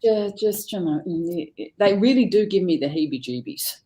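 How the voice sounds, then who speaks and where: Woman, middle-aged, lowish voice, animated storyteller, casual chat, guest. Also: normal speed. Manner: animated storyteller, acts out family dialogue.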